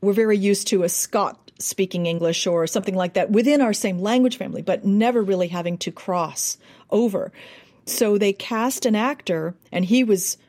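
A woman's voice: mid-range voice, normal speed. An American woman, a dialect coach, telling stories in an interview and acting out accents as she goes. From United States. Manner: animated, demonstrates accents and sounds. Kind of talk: interview guest, casual storytelling.

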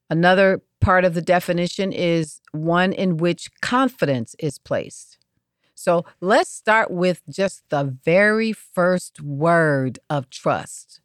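Slow, emphatic woman podcast host. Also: on the low side, expressive, no room sound, studio quality. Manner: slow, emphatic, repeats words for weight. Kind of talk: inspirational podcast talk.

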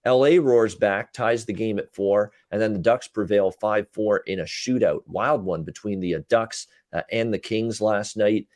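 Low-voiced man recapping hockey games. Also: a little mellow, dry recording, clean studio sound. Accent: North American English. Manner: quick recaps with frequent "uh" fillers. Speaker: podcast co-host, betting analyst. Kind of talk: casual sports betting chat.

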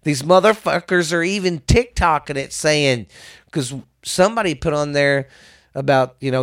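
A man's voice: fairly high pitch, moderate pace, a bit bright. Blunt, foul-mouthed man ranting. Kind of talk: casual ranting chat.

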